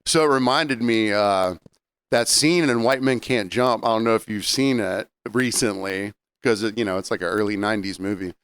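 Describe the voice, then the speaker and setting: A man co-hosting a podcast, telling stories in a relaxed, rambling way with fillers. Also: lowish voice, normal speed, clear, resonant tone. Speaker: podcast co-host. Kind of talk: casual chat.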